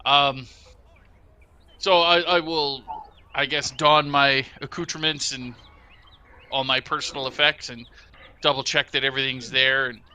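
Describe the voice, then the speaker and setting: A man's voice: medium pitch, steady tone, unhurried, long pauses, bright, forceful tone, clean tone. A male player in a tabletop game, answering with dry, wry quips. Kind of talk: casual role-play banter.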